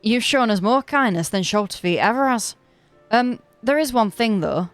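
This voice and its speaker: A woman's voice: fairly high pitch, expressive, normal speed, dry recording, faint music behind, close to an everyday voice. A woman reading aloud as an earnest, reformed young gang member, in a northern English accent. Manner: reading game dialogue aloud, plain earnest delivery.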